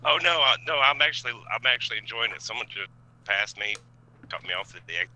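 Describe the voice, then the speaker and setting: Male guest, piercingly bright and animated, amused commentary. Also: mid-range voice, fast, low-quality recording. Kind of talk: casual chat.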